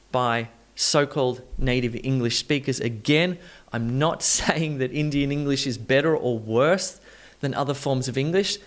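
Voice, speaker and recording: A man's voice: medium pitch, a bit bright. Man teaching English pronunciation. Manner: repeats words slowly to model stress; explanatory, addresses learners directly. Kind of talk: pronunciation lesson.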